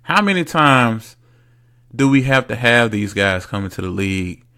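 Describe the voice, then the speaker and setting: A young man hosting a casual solo sports podcast, blunt, slangy and mocking, swinging between loud bursts and low asides. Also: lively intonation, normal speed, clean tone. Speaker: podcast host.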